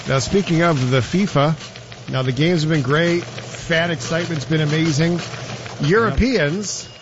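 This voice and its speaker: On the high side, a man's voice comes through with highs cut off and background noise as he hosts a radio show. He jokes around in casual banter with his co-host, lively and quick to put on voices for his anecdotes.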